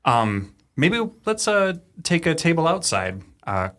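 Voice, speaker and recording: A man's voice: fairly high pitch, big pitch swings, a little slow, fairly bright tone, a little hiss or hum. A man playing a tabletop game, speaking in character in an affable, rambling way with lots of fillers. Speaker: player.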